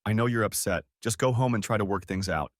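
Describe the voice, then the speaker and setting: A man's voice: fairly low pitch, quick pace, dry recording, studio quality, natural voice. A man voicing a concerned female friend who gives firm, reassuring advice.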